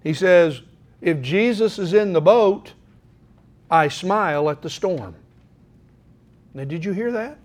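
A middle-aged man preaching in a church room, his voice sitting a little higher than most men's. He speaks earnestly and urges his listeners on, breaking off to read scripture aloud. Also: animated, slow pace, pauses often, darkish tone. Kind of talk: sermon.

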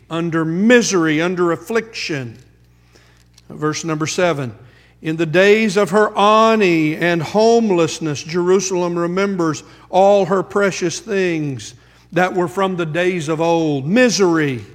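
A man preaching a sermon as pastor, quoting scripture and building to emphatic high points. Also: big-room sound.

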